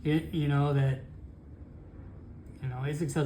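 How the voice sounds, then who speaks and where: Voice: medium pitch, flat delivery, unhurried, warm tone, a little hiss or hum. A player narrating a solo tabletop game session, rambling casually with fillers and self-corrections.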